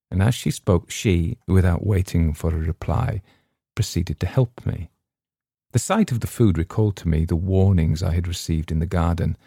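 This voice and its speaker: Deep, gravelly man narrating a classic tale; dramatic, measured, dry studio. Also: warm tone, no room sound. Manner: measured, dramatic first-person reading. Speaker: audiobook narrator. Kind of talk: scripted narration of a classic story.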